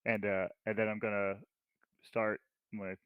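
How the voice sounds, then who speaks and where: A man's voice: lowish voice, flat delivery, unhurried, clean tone, no room sound, narrow, tinny audio. A man playing a tabletop game, hesitant, with many fillers and restarts. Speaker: player.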